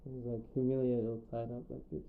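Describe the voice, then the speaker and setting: A man giving a scripture class, retelling the story in an animated, casual way and acting out the characters. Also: mid-range voice, fast, a little hiss or hum. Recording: tinny phone-like sound.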